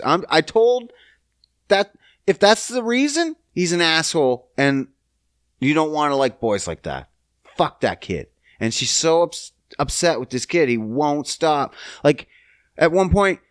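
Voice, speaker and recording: A man in his thirties hosting a podcast, ranting casually and cursing as he swings between loud outbursts and low mutters. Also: no echo, clean studio sound. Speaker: podcast host.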